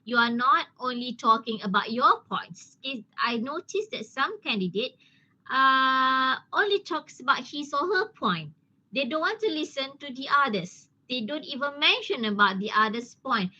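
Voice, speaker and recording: Bright-voiced woman lecturer. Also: sits high, lively intonation, moderate pace, lo-fi sound. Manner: explains with many "okay?" checks, laughs easily. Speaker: English lecturer. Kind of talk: workshop teaching over a live stream.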